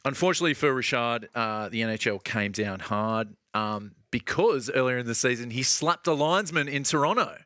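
A man's voice: medium pitch, expressive, moderate pace, few pauses, sharp tone, no room sound, studio quality. A man telling sports stories on a casual podcast, rambling with fillers and laughing easily. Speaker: podcast co-host.

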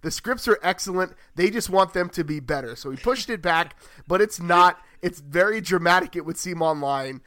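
A man with a bright, forward voice pitched a little high, co-hosting a casual podcast. He rambles and corrects himself as he thinks aloud. The sound is close and dry. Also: expressive, moderate pace, few pauses, no room sound. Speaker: podcast co-host. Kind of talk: casual chat.

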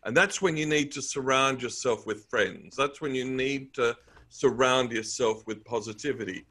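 A middle-aged Australian man, an author and speaker, appears as a guest in a conversational interview and shares upbeat anecdotes. His voice is medium in pitch and a bit bright, at a moderate pace.

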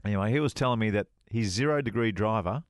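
This middle-aged co-host, once a touring golf pro, animatedly tells a yarn on a casual radio chat show, voicing the characters he quotes. He speaks fast at an ordinary pitch, and the recording is dry and close with no room ambience.

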